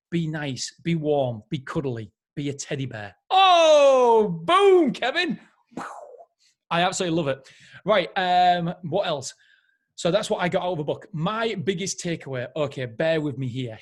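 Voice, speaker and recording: This podcast host has a husky voice that sits a little high. He's reviewing a book with casual enthusiasm, wandering off on tangents and frequently correcting himself.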